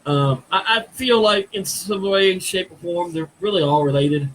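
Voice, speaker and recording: A man's voice: high-pitched, moderate pace, fairly bright tone, slight background noise, rough recording. A man hosting a live paranormal show, speaking hesitantly with lots of fillers. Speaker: podcast host. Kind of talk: casual live-stream chat.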